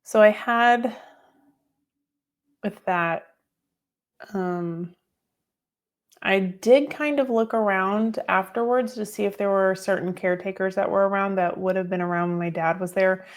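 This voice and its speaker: A middle-aged woman hosting a podcast, telling a personal story in a reflective, unhurried way with many fillers. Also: mid-range voice, fairly even intonation. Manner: reflective, tearful at times, with fillers. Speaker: podcast host.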